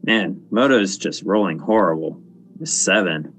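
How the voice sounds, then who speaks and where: A man's voice: sits low, a little slow, fairly bright tone. A man playing a tabletop game, matter-of-fact with dry humor. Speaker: player.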